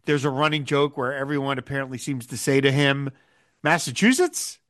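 Bright-voiced man recapping an episode. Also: mid-range voice, fast talker. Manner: animated, acts out quoted lines, laughs often. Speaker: podcast host. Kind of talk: casual chat recapping a TV episode.

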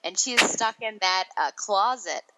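A woman's voice: medium pitch, lively intonation, moderate pace, pushed and bright, rough recording. A woman in a casual film discussion, thoughtful and hesitant, with many fillers.

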